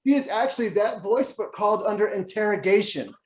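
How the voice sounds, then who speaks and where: On a casual video-call interview, a man who created an animated show chats as a guest, reflective and rambling, laughing easily. His voice sits high and is expressive, a little fast, in a reverberant room.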